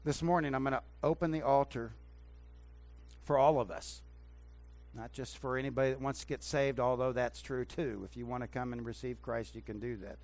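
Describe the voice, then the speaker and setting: A man preaching a sermon as pastor in a church, swinging between hushed talk and loud emphatic preaching. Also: medium pitch, fairly even intonation, moderate pace. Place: church sanctuary.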